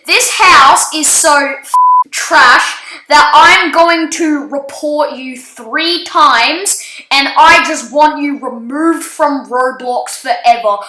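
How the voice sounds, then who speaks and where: A woman's voice: high voice, slow pace, sharp tone, roomy sound, a little hiss or hum, exaggerated voice, poor audio. A woman quoting a rude online bully in her own voice, scornful and insulting.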